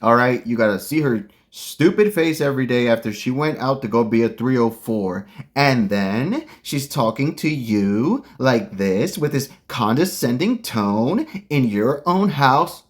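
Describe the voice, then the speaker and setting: A man's voice: medium pitch, animated, unhurried, hardly any pauses. A man hosting a casual commentary, ranting bluntly and heatedly with lots of slang. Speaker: commentary host.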